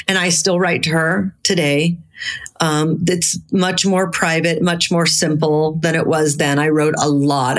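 A woman's voice: lowish voice, fairly bright tone. A middle-aged woman speaking as an interview guest, talking frankly and earnestly, now and then swearing for emphasis. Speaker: interview guest, bereaved mother and grief researcher. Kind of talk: candid conversational interview.

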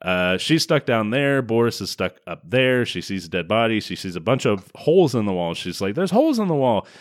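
A man co-hosting a casual podcast, retelling a film in an animated, sarcastic way and swearing freely. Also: on the low side, normal speed. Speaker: podcast co-host. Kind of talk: casual chat recapping a movie.

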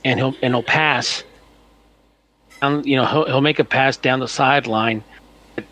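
A man co-hosting a casual podcast chat, talking in a halting way full of "you know" fillers. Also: medium pitch, steady tone, pushed and bright, poor audio. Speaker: podcast co-host.

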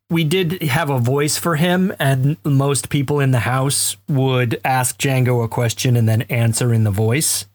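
A man's voice: medium pitch, no echo. A podcast co-host in casual chat, a man with a middling voice who rambles through anecdotes and breaks into laughs. The sound is dry and close, with no room heard around him.

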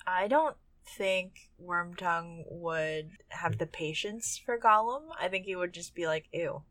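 A woman's voice: lowish voice, unhurried, a bit bright, no echo. A woman co-hosting a podcast, joking and giggling in casual chat. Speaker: podcast co-host.

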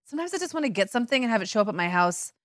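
A woman co-hosting a podcast in casual chat, telling stories in an animated way and laughing often. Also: a little high, racing, no echo, studio quality. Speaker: podcast co-host.

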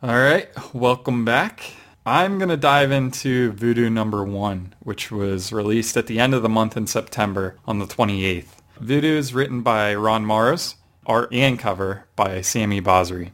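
A man co-hosts a comics podcast, recapping an issue in loose, casual talk. His voice sits a little low, and he hesitates often, circling back with fillers and restarts. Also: measured pace, fairly bright tone. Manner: rambling, hesitant with frequent fillers. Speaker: podcast co-host. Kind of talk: casual comic book review.

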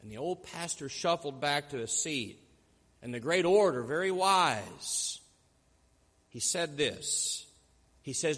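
A man preaching a sermon as pastor, telling stories and slowing down to stress key points. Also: fairly high pitch, animated, fairly bright tone, long reverb tail. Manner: storytelling, slows down for emphasis.

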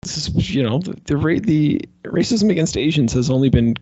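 A man's voice: on the high side, lively intonation, brisk, dark tone, slightly rough, dry recording, muffled recording. A man co-hosting a podcast, chatting casually about movies, joking and laughing as he rambles. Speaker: podcast co-host.

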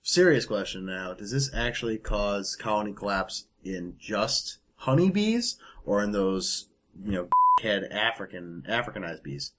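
A man co-hosting a casual podcast chat, sarcastic, with loud bursts of mock outrage. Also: fairly low pitch, sing-song, measured pace, slight background noise. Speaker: podcast co-host.

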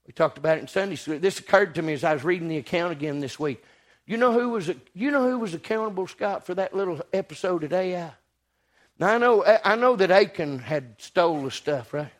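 Male pastor, sermon storyteller, higher-than-usual voice. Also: lively intonation, a little fast. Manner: folksy storytelling with sudden loud rises. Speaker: preacher.

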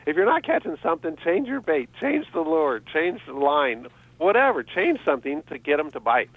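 A man's voice: on the high side, sing-song, moderate pace, no echo. A man giving selling tips as a guest on a radio show, upbeat and laughing often. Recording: dry, tinny phone line.

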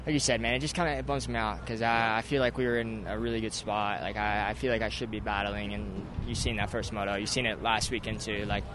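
A man's voice: lowish voice, little pitch movement, quick pace, few pauses. A man, a motocross racer, speaking frankly and critically of himself in a post-race interview outdoors at a race track. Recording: noisy outdoor track recording.

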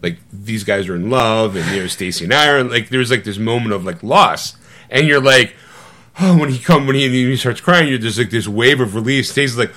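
Animated man retelling a film. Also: mid-range voice, fairly quick. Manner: animated storytelling, acts out quotes with swearing. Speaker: podcast co-host. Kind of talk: casual chat.

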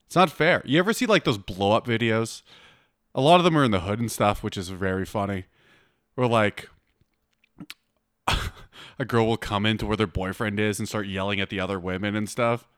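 A man's voice: fairly low pitch, normal speed, long pauses, a bit bright, no echo, studio quality. A man in casual chat, teasing a friend with blunt dating advice, swearing freely and laughing often. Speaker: co-host giving dating advice.

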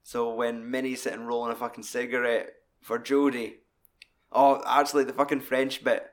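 A man's voice: mid-range voice, moderate pace. A man in casual film talk, swearing often and acting out lines from scenes. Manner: animated, sweary, acts out quotes.

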